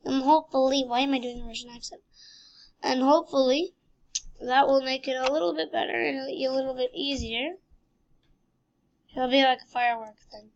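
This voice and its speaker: A woman's voice: high voice, steady tone, fairly quick, highs cut off. A woman giving silly, rambling gameplay commentary, full of sound effects and goofy asides.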